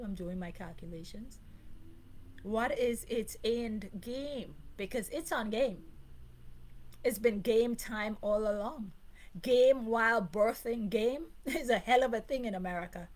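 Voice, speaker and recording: A woman's voice: on the high side, a little hiss or hum, rough recording. A woman from Grenada, delivering an emphatic live monologue to her channel, often repeating herself and laughing briefly. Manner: emphatic, repetitive, with short laughs. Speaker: channel host.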